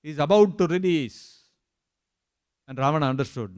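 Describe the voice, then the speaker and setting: Guy giving a temple sermon, kinda high voice, storytelling and punching each point. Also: animated, normal speed. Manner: storytelling with dramatized quotes and emphatic lists. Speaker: preacher. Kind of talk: sermon on scripture.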